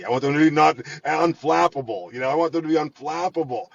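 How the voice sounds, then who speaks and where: A man guest telling long stories in an interview, animated and full of restarts and repeated words. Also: medium pitch, fast talker, hardly any pauses, lo-fi sound, a little hiss or hum. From Pittsburgh area. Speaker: guest, financial firm head. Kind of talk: conversational storytelling in an interview.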